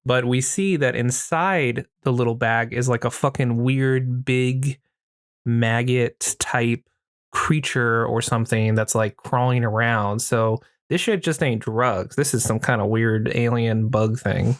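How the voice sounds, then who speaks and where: A man casually recapping a horror film as a podcast host, joking and crude, tossing in quick put-on voices. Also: medium pitch, fairly even intonation, dry recording, studio quality. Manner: crude, joking retelling with acted quotes.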